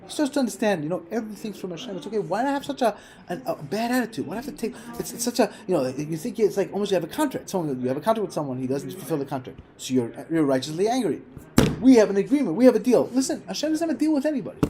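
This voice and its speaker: A man's voice: sits high, animated, rapid-fire, a crowd in the background. A man giving an informal Torah class, telling stories and repeating phrases for emphasis. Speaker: Torah teacher.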